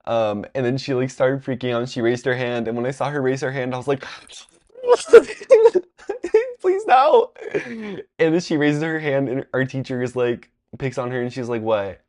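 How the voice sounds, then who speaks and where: A young man telling a casual storytime, rambling with lots of fillers and jumping into high, loud voices when he quotes people. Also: fairly even intonation, a little fast, few pauses. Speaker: vlogger.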